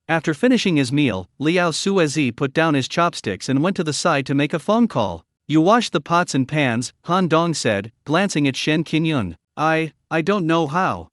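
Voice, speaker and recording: A man reading a story recap aloud as scripted narration, with a lively storyteller delivery. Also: fairly high pitch, dry recording, clean studio sound.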